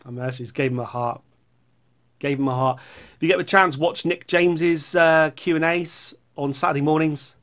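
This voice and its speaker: A man's voice: on the high side, steady tone, moderate pace, fairly bright tone. A middle-aged man rambling sarcastically as he reads out viewer comments on his channel. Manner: sarcastic, rambling, puts on silly voices for comments. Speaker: YouTuber reading viewer comments.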